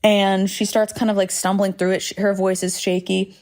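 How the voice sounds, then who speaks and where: A woman's voice: medium pitch, little pitch movement, normal speed, darkish tone. Candid rambling woman podcaster. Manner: candid, rambling, swears freely, self-deprecating. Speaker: podcast host. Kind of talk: solo podcast monologue. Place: home, indoors.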